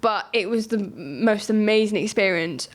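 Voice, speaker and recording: A woman's voice: mid-range voice, normal speed. Young woman from Wales, interview guest, casual and chatty, acts out quotes. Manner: chatty, animated storytelling with acted-out quotes. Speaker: guest, para table tennis player.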